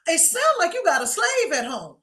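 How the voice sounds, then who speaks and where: A woman co-hosting a sports podcast, talking in an animated, emphatic, mocking way. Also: very high voice, moderate pace. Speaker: podcast co-host. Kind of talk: casual sports chat.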